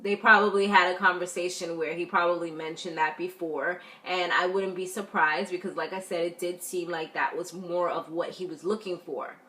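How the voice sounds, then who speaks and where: Woman vlogger, casual recap; animated, blunt, filler-heavy delivery. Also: fairly low pitch, normal speed, hardly any pauses. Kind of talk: casual review chat.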